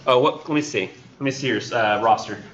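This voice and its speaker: A man's voice: mid-range voice, brisk, a bit bright, muffled recording, slight background noise. A man teaching a college English class in a casual, chatty way, with wry sarcastic asides.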